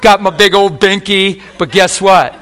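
A man preaching a sermon, telling a personal story with animated swings between hushed quoted prayer and loud, laughing bursts. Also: sits high, measured pace, a little hiss or hum. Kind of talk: sermon testimony.

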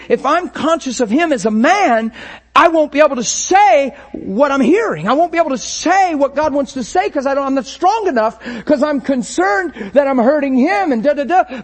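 A man with a high voice preaches a sermon as a pastor. He talks to the congregation in a loose, storytelling way, acting out his own thoughts with passion and laughing easily. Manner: impassioned, storytelling, acts out inner thoughts.

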